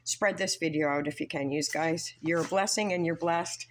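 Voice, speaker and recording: A woman's voice: low voice, steady tone, normal speed, a little hiss or hum. Pleading woman in her fifties. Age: 50s. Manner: pleading, repeats her points for emphasis. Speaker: drywaller vlogging from work. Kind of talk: heartfelt personal vlog appeal. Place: indoor unit of a building under construction.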